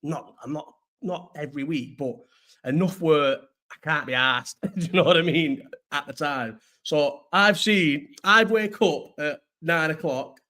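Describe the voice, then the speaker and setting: Rambling, sweary lad. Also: male voice, a little high, a little slow, pushed and bright. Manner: rambling, sweary, restarts often. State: sore throat, unwell. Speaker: host. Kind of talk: casual livestream chat.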